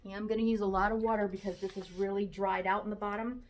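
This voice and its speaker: Fast and flat in delivery, a mid-range female voice belongs to a woman from Florida, USA, demonstrating furniture painting. She casually narrates every stroke and repeats her steps aloud in a shop workspace, sounding distant in an echoey room.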